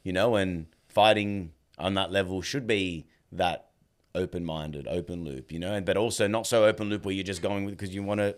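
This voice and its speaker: In a casual podcast conversation, a dog trainer on as a guest spins animated stories, acting out the dialogue he quotes. He speaks in a low-pitched voice at a moderate pace.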